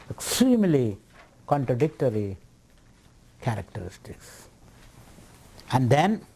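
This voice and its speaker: A male spiritual teacher lectures on scripture at a retreat in a fairly high voice. He speaks playfully, laughs often and takes on the voice of a sceptic to test the teaching. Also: darkish tone. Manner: playful, laughing, voicing a doubter's objections.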